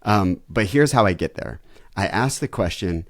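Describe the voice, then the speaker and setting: Man, pastor, podcast guest, low-pitched, animated storyteller, dry studio sound. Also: moderate pace, no room sound. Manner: animated storyteller who acts out family scenes. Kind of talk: conversational interview.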